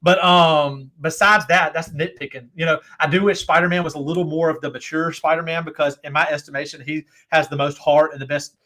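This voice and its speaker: A man's voice: a little high, steady tone, brisk, hardly any pauses, sharp tone. A middle-aged man hosting a casual chat, talking with rambling enthusiasm about movies he loves. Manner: enthusiastic, rambling fan talk. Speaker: host.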